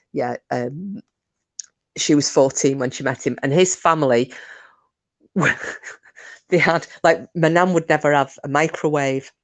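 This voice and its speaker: A woman's voice: sits low, no echo. A middle-aged woman, chatting and telling funny stories to viewers on a livestream. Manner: chatty, animated anecdotes with laughs and asides to viewers. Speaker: livestream host. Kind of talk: casual storytelling chat.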